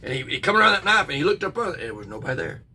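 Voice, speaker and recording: A middle-aged man, telling a childhood ghost story in a folksy, drawn-out way with sudden bursts. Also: on the high side, big pitch swings, sharp tone, recorded from a distance. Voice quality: gravelly, husky. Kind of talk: casual spoken ghost story.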